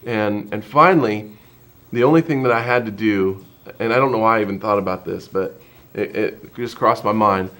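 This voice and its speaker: Give me a fairly low male pastor chatting casually in a TV studio. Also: normal speed, fairly bright tone. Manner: anecdotal storytelling with fillers. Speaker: pastor, co-host.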